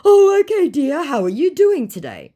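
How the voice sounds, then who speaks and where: A woman voicing a dim, pushy male online romance scammer, reading his chat messages slowly and mockingly. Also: high voice, wildly swooping pitch, warm tone, pitched above the performer's own voice.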